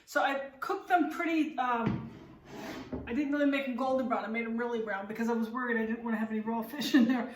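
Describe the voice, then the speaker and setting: Woman home cook, casual vlog chatter, candid and rambling; high voice, recorded at a distance in an echoey kitchen. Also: fairly even intonation, fast. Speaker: home cooking vlogger. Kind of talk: casual cooking vlog chat. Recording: roomy kitchen, voice off-mic.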